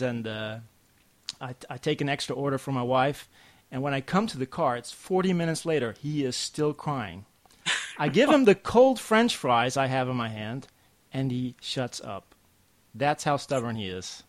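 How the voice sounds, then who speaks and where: A man, a podcast guest telling a family story in a halting, lively way. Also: mid-range voice. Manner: halting, restarts often, lively when telling stories. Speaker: podcast guest, comic artist. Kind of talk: casual storytelling chat.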